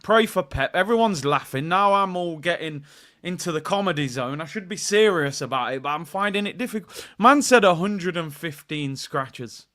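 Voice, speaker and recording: A man's voice: on the high side, moderate pace. A man hosting a casual football live stream, reading out viewer comments and joking around. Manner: animated, jokey, bursts into loud excitement.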